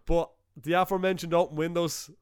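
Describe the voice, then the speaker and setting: A young man with a Dublin accent spins a crude, lively anecdote for his podcast co-host. His voice is smooth and clear, pitched a little high. The recording is dry and close. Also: a little fast, dry recording. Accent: Dublin Irish. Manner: profane, animated storyteller. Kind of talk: casual chat, anecdote.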